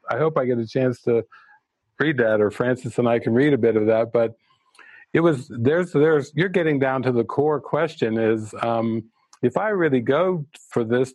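A man's voice: mid-range voice, darkish tone, dry recording. A man giving a spiritual teaching talk as a retreat leader, earnest and searching, often restarting his sentences. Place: studio.

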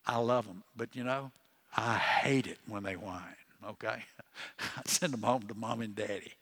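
A man's voice: fairly low pitch, normal speed, fairly bright tone. An older man, a pastor, preaching a sermon in a conversational way, often restarting his sentences and turning to the congregation with asides. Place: church.

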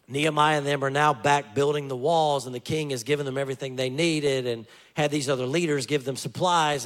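A man preaching a sermon as pastor, telling stories with lively joking asides. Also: fairly high pitch.

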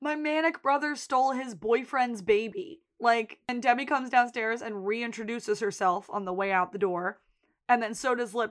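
A woman's voice: fairly high pitch, moderate pace. A woman co-hosting a podcast, recapping a TV episode in casual chat and acting out characters' lines. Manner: animated recapping, acting out quotes. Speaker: podcast co-host.

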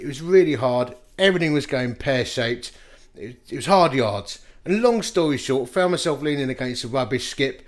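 Self-mocking stories and frequent chuckles fill the rapid sermon of this pastor, a man in his fifties whose voice sits in the mid range.

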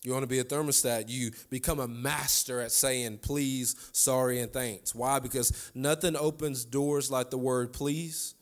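A male pastor delivers a sermon in a church. His pitch sits in an ordinary middle register. He speaks earnestly and leans on repetition to drive each point home. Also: fairly even intonation, a little slow, hardly any pauses. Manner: earnest, repeats key lines for emphasis. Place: church sanctuary.

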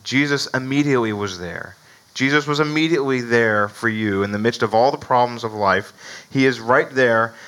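A man's voice: medium pitch, moderate pace, a bit bright, poor audio. A man preaching a sermon in a conversational way, often asking "right?" and chuckling between points. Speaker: pastor.

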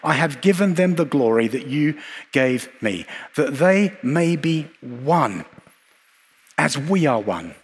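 Guy preaching a sermon, bit higher voice, husky, long echo like a big church hall. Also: animated. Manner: earnest, reflective, with measured pauses and repeated phrases.

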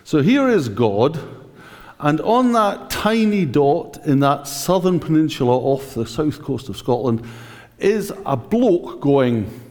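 A man preaching a conversational sermon, speaking directly to the congregation at an unhurried pace. His pitch sits a little high and moves a lot. The voice carries a long church reverb. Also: sing-song, a little mellow. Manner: conversational, using a prop, talking directly to the congregation. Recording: echoey church hall.

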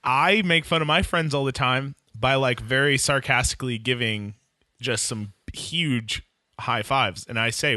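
A man's voice: mid-range voice, measured pace, sharp tone, no echo, studio quality. A young man in casual podcast chat, rambling with many fillers and joking. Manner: rambling, many likes, jokey.

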